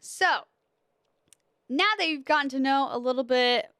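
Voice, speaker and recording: A young woman hosts a podcast, telling stories in casual, chatty fashion with frequent laughs and fillers. Her voice sits high and a bit bright at a moderate pace, recorded with clean studio sound and no echo.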